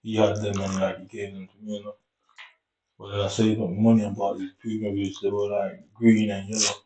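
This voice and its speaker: A young man from Jamaica, a vlogger, rambles through a long story in relaxed slang with a Jamaican accent. His lowish voice is level and warm, with a little hiss or hum in the recording, which comes from a distant, dull mic in an echoey room.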